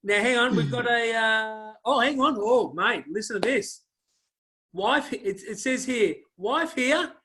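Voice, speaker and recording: A man's voice: sits high, unhurried. A man hosting an interview show, talking casually and heaping praise on his guest with lots of fillers. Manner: effusive, warm praise, many fillers.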